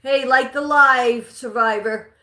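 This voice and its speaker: A woman's voice: high voice, slow pace, pushed and bright. A woman hosting a live-stream trivia game, chatting with viewers and reading questions aloud, sometimes stumbling and restarting a line. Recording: echoey room.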